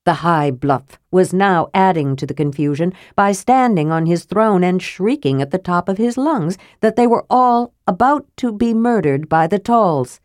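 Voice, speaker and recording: A woman narrates a fantasy audiobook with a measured, expressive delivery. Her voice sits low. The sound is dry and close, with no room around it. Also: no echo.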